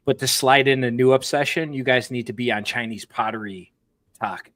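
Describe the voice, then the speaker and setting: A man's voice: medium pitch, normal speed, a bit bright. A man talking casually as a podcast guest, rambling and laughing as he tells stories. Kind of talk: casual chat.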